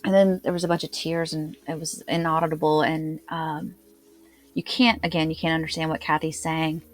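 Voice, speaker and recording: A woman's voice: little pitch movement, normal speed, faint music behind. A woman hosting a true crime talk, retelling an interrogation and reading out the quoted lines with extra emphasis. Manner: reads quotes with raised pitch and emphasis. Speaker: true crime channel host.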